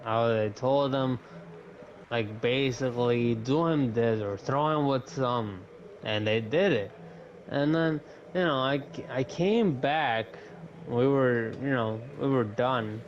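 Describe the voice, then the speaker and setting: A man's voice: mid-range voice, takes it slowly. A young man on a podcast, telling a story casually, swearing often and acting out what people said. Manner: animated, swears often, acts out quotes. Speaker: podcast co-host. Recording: dull lo-fi mic with faint noise.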